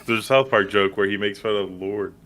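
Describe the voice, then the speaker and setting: Low-voiced, easygoing podcast co-host. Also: male voice, a little fast, fairly bright tone. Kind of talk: casual movie chat.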